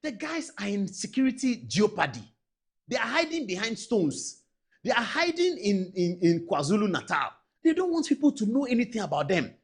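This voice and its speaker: A man with a Ghanaian accent, a TV show host giving animated political commentary. He talks straight to the viewers in an emphatic, exasperated way and mixes English with Twi phrases. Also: high-pitched, normal speed, breathy edge.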